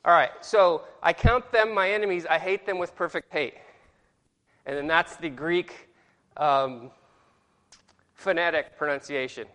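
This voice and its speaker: A man's voice: a little high, unhurried, long pauses, a bit bright, long reverb tail. Casual man teaching a Bible class. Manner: casual, self-deprecating, reads verses aloud with exaggerated inflection.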